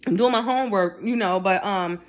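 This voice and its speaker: A woman's voice: medium pitch, a little fast. A middle-aged woman casually telling a personal story, acting out the dialogue in a raised voice. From United States. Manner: animated, acts out dialogue in raised voice.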